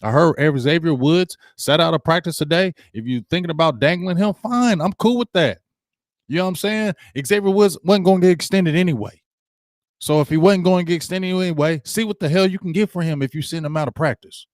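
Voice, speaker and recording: A man hosting a casual live-stream sports talk show, animated, acting out quoted coaches and answering viewers. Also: a little high, a little fast, no echo, clean studio sound.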